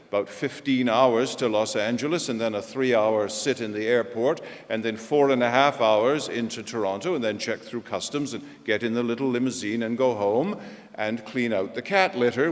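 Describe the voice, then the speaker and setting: Man preaching, humorous anecdotes, average pitch, reverberant church sanctuary. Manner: storytelling, self-deprecating humor. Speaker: pastor. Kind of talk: sermon. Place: large church. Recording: echoey church hall.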